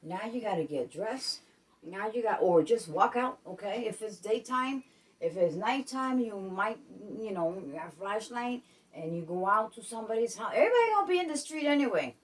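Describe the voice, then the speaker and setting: Very animated and at a moderate pace, a Puerto Rican woman with a mid-range voice offers casual advice on her home vlog. She repeats herself, keeps asking "okay?", and is picked up a bit distantly by the mic.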